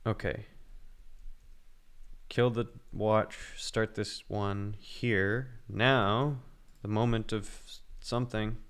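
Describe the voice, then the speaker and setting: A man's voice: fairly low pitch, steady tone, slow, smooth. A man livestreaming his programming work, thinking aloud in casual commentary and muttering as he goes.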